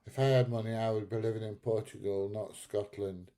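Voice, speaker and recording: A man's voice: fairly low pitch, steady tone, a little fast, dark tone. A middle-aged man hosting a live stream, chatting casually and bluntly, swearing and laughing at his own jokes. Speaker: live stream host reading chat.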